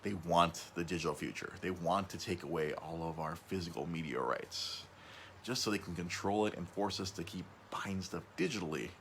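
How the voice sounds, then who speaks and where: Male podcast host, casual chat, rambling, repeats words, excitable, low voice, faint background noise. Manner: excitable, voice jumps up on emphasis.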